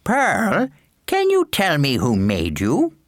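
An old pastor, stern but gentle with children, as a male narrator puts him on. He speaks slowly, with a wildly swooping, preacherly lilt, in a dry, close sound. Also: fairly high pitch, wildly swooping pitch, no echo, voice pushed up, heavily acted. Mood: probing. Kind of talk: audiobook narration with character voices.

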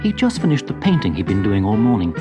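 A man reading a children's storybook aloud in an expressive way. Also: on the low side, fast talker. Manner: expressive, very lively intonation. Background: faint music.

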